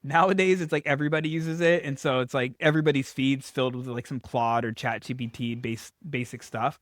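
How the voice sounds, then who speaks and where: A man in his thirties giving casual business coaching advice straight to camera, talking loosely with fillers and quick restarts. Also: medium pitch, steady tone, no room sound, studio quality. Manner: conversational, frequent fillers and restarts.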